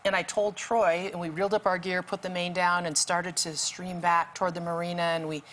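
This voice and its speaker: A woman's voice: lowish voice, little pitch movement, fairly quick, fairly bright tone, slight background noise. A woman guest telling a vivid, emphatic story as a testimony, with bursts of urgency. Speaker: guest author.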